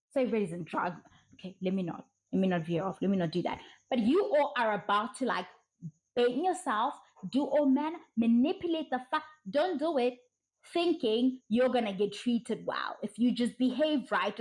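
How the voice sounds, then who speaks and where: A woman giving blunt, profane commentary, ranting emphatically and mocking others in put-on soft voices. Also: fairly high pitch, low-quality recording. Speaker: social commentary vlogger.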